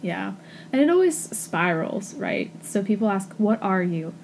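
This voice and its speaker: A young woman speaks in a mellow, warm tone as she tells personal stories on a podcast, earnest and quick to laugh. Her voice sits at a middle pitch, and a faint hiss runs behind her. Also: sing-song, gravelly. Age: young adult. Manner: earnest storyteller, laughs often. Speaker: podcast co-host. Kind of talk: casual chat.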